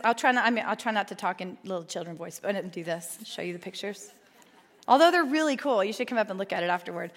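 A woman's voice: medium pitch, lively intonation, quick pace, fairly bright tone. Earnest woman teaching in an echoing hall. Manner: earnest, playful, with asides to the room. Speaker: Bible study teacher. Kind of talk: Bible lesson with storybook reading. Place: large room with a group. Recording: long hall reverb.

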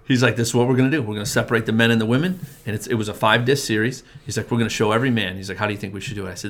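A man's voice: fairly low pitch, rapid-fire, hardly any pauses. A middle-aged man, a family pastor, earnestly telling his testimony in casual conversation, often restarting and repeating words. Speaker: family pastor, men's group leader.

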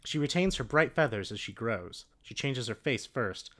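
A man's voice: mid-range voice, lively intonation, moderate pace, a bit bright. Casting: a man reading a storybook aloud, casual and jokey. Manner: laughing, joking asides. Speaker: reader.

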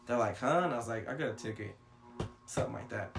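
A young man, telling a story in casual chat, animated and swearing a lot. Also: mid-range voice, fast talker, creaky, faint music behind.

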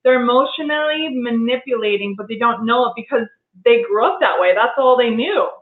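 A woman's voice: on the high side, brisk. Earnest woman on a tinny line. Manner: earnest, reflective, with many restarts. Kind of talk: casual conversation. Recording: tinny phone-line sound in an echoey room.

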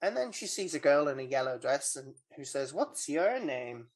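A woman's voice: very deep voice, lively intonation, a little fast. Woman co-host, casual rambling film recap, giggly and loose, lots of ums. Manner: chatty, rambling, giggly recap with many fillers. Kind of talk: casual chat.

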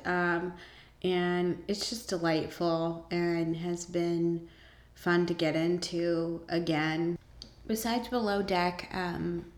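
Woman, chatty vlogger, unhurried, lowish voice, roomy echo. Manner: chatty, lots of ums, enthusiastic asides. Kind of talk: casual chat about shows and books.

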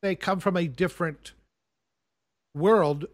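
A man casually chatting about films as a podcast co-host, earnest and explaining at length with halting restarts. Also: high voice, no room sound, studio quality.

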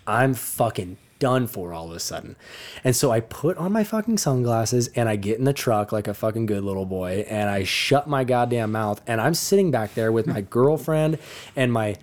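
A young man co-hosting a podcast, telling a profane, animated story and laughing often. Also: medium pitch, normal speed. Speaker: podcast co-host. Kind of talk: casual storytelling chat.

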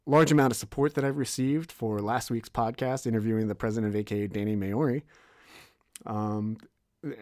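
A man's voice: lowish voice, a little mellow, dry recording, studio quality. A young man hosting a podcast, talking casually in a rambling way with lots of fillers and restarts. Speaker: podcast host. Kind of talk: casual solo podcast intro.

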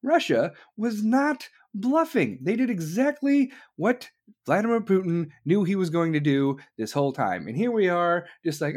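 A man delivering a heated, sarcastic political rant, swearing and bursting out loudly. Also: fairly high pitch, sing-song, normal speed. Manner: heated, sarcastic, swearing, with sudden loud outbursts.

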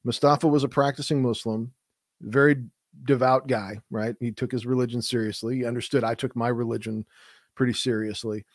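A man in his thirties, co-hosting a podcast and telling stories in an animated way with frequent restarts. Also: mid-range voice, a little fast, no echo, studio quality. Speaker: podcast co-host. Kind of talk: casual conversation.

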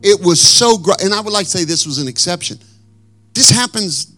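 A male pastor preaching a sermon with animated, blunt storytelling and emphatic asides. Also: sits high, brisk, soft background music.

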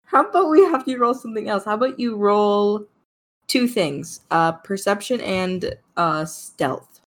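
A woman narrating as game master of a tabletop game, in a slow, relaxed way. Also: medium pitch.

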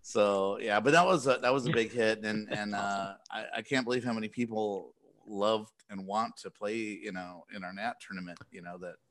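A man's voice: lowish voice, moderate pace, hardly any pauses, fairly bright tone. A man co-hosting an arcade collectors' podcast, chatting casually and laughing often as he tells stories. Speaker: podcast co-host. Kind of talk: casual chat.

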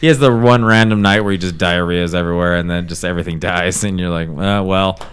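A man's voice: low voice, steady tone, quick pace, fairly bright tone, clean tone. A man in casual comedic chat, laughing often and acting out quotes in silly voices.

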